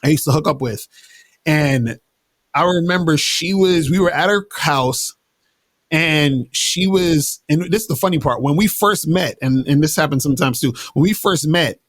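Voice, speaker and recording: A man speaks as an interview guest, recounting dating stories in a relaxed, slangy style full of restarts. His pitch is fairly high and his speed normal, with no echo on the recording.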